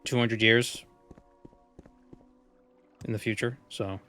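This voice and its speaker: A man's voice: lowish voice, steady tone, slow, sharp tone, faint music behind. Chatty male streamer musing during gameplay. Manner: musing, chatty, trails off and restarts. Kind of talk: casual gameplay commentary.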